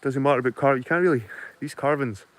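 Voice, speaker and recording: A man's voice: medium pitch, fast talker, no room sound. Scottish man, wry and sweary, casual walking commentary, outdoors in woods, handheld camera. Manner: wry, swearing, joking asides. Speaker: vlogger. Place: outdoors in a wooded glen.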